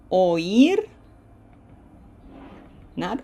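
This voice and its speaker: A woman's voice: medium pitch, lively intonation, extremely slow, long pauses, mellow. A woman teaching Spanish verb forms in English, explaining patiently step by step and checking in with "okay?". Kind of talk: online language lesson.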